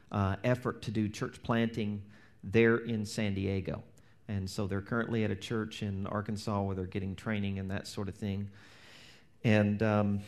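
Animated male pastor preaching. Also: fairly low pitch. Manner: animated preaching, acts out quoted prayers, drops to near-whispers. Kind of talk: sermon.

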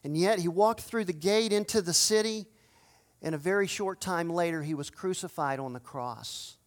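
Male pastor, fervent sermon delivery, swings from hushed to loud. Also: sits high, moderate pace. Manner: impassioned preaching, swinging from loud cries to hushed pleading.

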